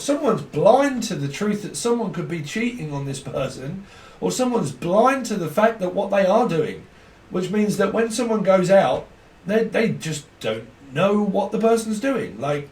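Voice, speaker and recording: A man's voice: sits high, darkish tone. A man giving a casual tarot reading, rambling, laughing often and swearing freely. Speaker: tarot reader. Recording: echoey room, mic at a distance.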